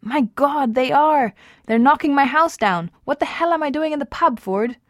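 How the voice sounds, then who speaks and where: A woman reading aloud, voicing a flustered man who yelps in panic at high pitch. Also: normal speed, no room sound, studio quality, natural voice. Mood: panicked. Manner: shrill, yelping outbursts.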